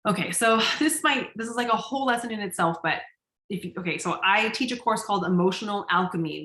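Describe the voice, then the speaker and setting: A woman teaching in a relaxed, conversational way, full of "like" and casual swearing. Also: mid-range voice. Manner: conversational, heavy use of "like", swears casually, laughs often. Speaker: coach. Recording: roomy echo.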